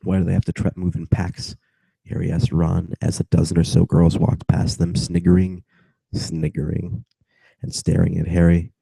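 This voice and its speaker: A man's voice: deep voice, monotone, normal speed, gravelly, dark tone, breathy edge, no room sound, rough recording. A young man with a cold casually reads a book aloud over video chat, drifting into giggly tangents and mumbled asides. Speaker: reader.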